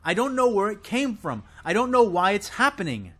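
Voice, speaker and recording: Man, ranting alone, exasperated, high pitched, wildly varied intonation. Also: very animated, normal speed, a bit bright. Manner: exasperated, swearing, high and swooping. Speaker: video creator ranting about a show. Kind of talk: impassioned solo rant.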